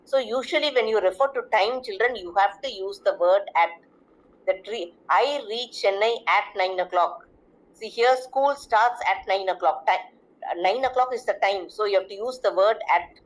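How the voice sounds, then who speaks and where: A woman's voice: medium pitch, moderate pace, low-quality recording. A woman teaching English grammar. She reads example sentences aloud, asks questions about them, and often repeats herself or restarts a word. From South India. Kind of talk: recorded grammar lesson.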